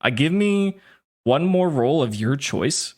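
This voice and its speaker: A man's voice: on the high side, animated, slow. Laid-back man narrating a tabletop game. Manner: loose, laughing, filler-heavy narration. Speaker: game master.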